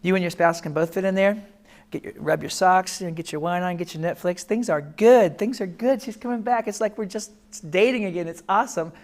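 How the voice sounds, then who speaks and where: Brief: man in his fifties, lively comic storyteller, warm-up talk in a classroom. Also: high voice, fairly quick. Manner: animated storyteller, lively jokes, acts out voices. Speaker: speaker. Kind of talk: humorous personal talk. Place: classroom or lecture room.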